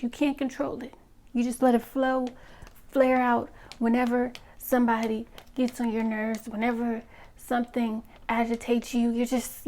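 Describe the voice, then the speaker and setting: A woman's voice: a little high, a little mellow. A woman giving frank relationship advice straight to her viewers, emphatic and direct, often checking in with "okay?" and "you know?". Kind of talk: direct-to-camera opinion talk.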